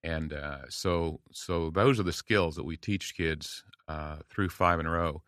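A man in his sixties with a very low yet bright, forward voice. He talks like a guest telling folksy stories with emphasis. The recording is dry and close. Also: unhurried, no echo. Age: 60s. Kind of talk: conversational podcast interview.

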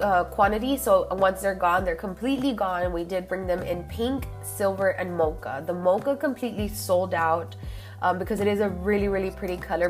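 A young woman hosting a podcast, chatty and gushing, slipping Spanish phrases into her English. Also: on the low side. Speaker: podcast host. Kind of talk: casual chat.

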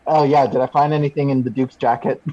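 A man's voice: mid-range voice, fairly even intonation, fast talker, dark tone. A man playing a tabletop game, chatting casually and hesitantly with lots of fillers. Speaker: player. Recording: dull, muffled sound.

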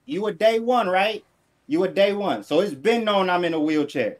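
Man, mocking, combative, repeats taunts, fairly high voice. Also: expressive, normal speed. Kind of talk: heated argument.

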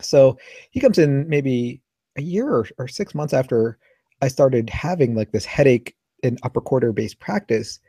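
A man's voice: medium pitch, expressive, warm tone, husky, no echo. Emotional man telling a story. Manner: emotional, halting, close to tears. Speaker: physiotherapist guest. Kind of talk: casual storytelling.

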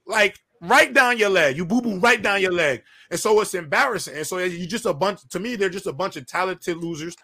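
A man's voice: sits high, sharp tone, no echo. A man hosting a sports debate show, giving blunt opinions and handing the floor to panelists. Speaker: host.

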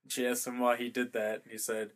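A man's voice: medium pitch, little pitch movement, fast. A man chatting casually about a movie on a podcast, dry and wry with some stammering. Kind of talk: casual movie review chat.

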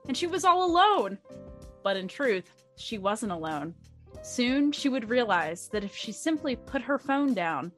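A woman's voice: mid-range voice, fairly bright tone. Chatty young woman reading a story. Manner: chatty, giggly. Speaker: fanfic reader. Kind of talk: casual storytelling read-aloud.

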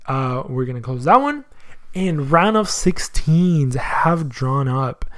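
Hosting a soccer podcast, a man chats casually in slang, thinking aloud and posing questions to himself. His mid-range voice swings widely in pitch, sounds a bit bright, and moves slowly.

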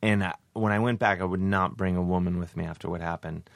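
A man, a comedian guest, telling a rambling, animated story on a casual podcast, acting out what people said. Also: deep voice, quick pace, vocal fry, no room sound. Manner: rambling, animated, acts out quotes.

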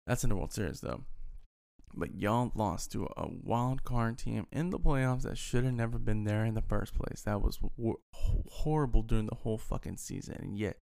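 A man's voice: on the low side, normal speed, gravelly, a little mellow. A man in a casual, profane rant as an upset sports fan, talking heatedly and repeating himself. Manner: heated, profane, repetitive ranting.

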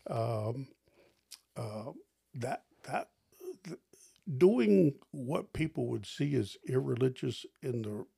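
An older man, a pastor, telling stories in an interview, lively and jumping high in pitch when he quotes people. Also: slow pace, vocal fry, slightly rough, no echo. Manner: animated storyteller, jumps high for quoted lines. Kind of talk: storytelling interview.

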